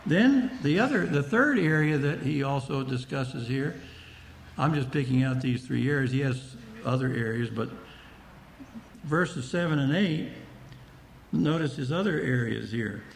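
A man's voice: mid-range voice, expressive, unhurried, vocal fry, reverberant, slight background noise. A man preaching a Bible-teaching sermon, speaking conversationally and explaining the text verse by verse to his listeners.

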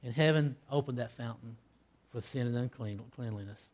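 A man preaching a sermon, acting out scripture dialogue, with loud emphatic peaks that fall to hushed, low line endings. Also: normal speed. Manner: acts out quoted lines in old-fashioned scripture wording.

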